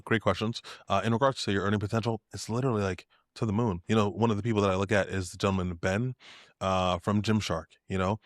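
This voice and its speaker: A young man guesting on a podcast tells animated stories with spirit, acting out other people's dialogue in shifted voices. His voice sits on the low side, and the recording is studio quality with no echo.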